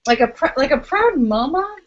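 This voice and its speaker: A woman hosting a live web show over a video call, animated and playful, laughing often. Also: sits high, moderate pace, muffled recording. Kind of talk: casual chat on a live-streamed video call.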